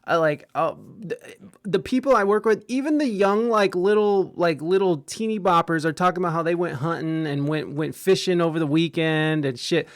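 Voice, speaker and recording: Podcast host, man from Ohio, slightly high voice, dry close sound, loose and profane with lots of restarts. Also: normal speed, no echo. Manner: profane, rambling, stammers and restarts. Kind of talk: casual podcast chat.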